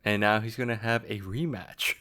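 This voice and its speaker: A young adult man co-hosting a podcast in casual chat, relaxed and filler-heavy, often quoting his own reactions. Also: fairly low pitch, normal speed, crowd noise. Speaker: podcast co-host.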